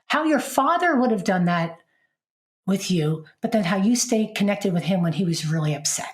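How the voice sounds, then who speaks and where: A woman's voice: mid-range voice, expressive, moderate pace. A woman in her sixties co-hosting a podcast, speaking reflectively and prompting her partner with questions. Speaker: podcast co-host. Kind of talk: conversational podcast talk. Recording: roomy echo.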